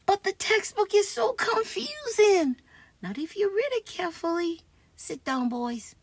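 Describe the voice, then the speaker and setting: A woman reading a funny children's comic aloud in an expressive voice, often laughing as she does the character voices. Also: high-pitched, husky, dry recording. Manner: slow, expressive read-aloud. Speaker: children's book reader.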